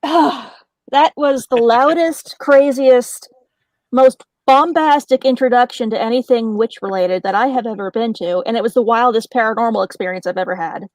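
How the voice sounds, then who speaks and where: A woman casually telling a paranormal story to friends, animated and laughing often as she talks. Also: on the high side, normal speed, no echo, low-quality recording. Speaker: paranormal storyteller on a group call.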